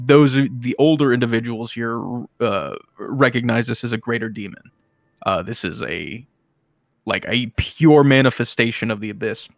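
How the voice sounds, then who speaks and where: A man narrates as game master of a tabletop game, rambling with lots of fillers and restarts. His mid-range voice is recorded with clean studio sound and no room sound.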